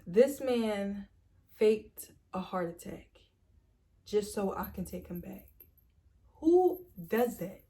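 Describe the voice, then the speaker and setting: A young woman telling a storytime vlog in a chatty, animated way, acting out quoted lines and leaning on "like" and "literally". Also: mid-range voice, takes it slowly, long pauses. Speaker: storytime vlogger. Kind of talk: casual storytime.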